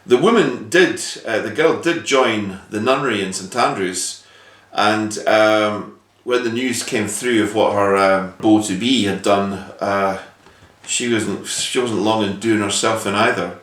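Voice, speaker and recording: A man in the host's seat, telling a local ghost tale and questioning a witness, stopping often to restart his sentences. His voice sits fairly low. He is heard from a distance in a room that echoes. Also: measured pace, a bit bright. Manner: hesitant, many fillers and restarts. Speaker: host. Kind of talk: storytelling and interviewing. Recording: roomy sound from a distance.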